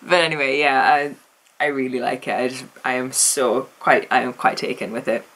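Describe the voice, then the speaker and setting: Woman vlogger, low voice, chatty, rambling, enthusiastic opinions. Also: fairly even intonation, moderate pace, a bit bright. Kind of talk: casual opinion rant.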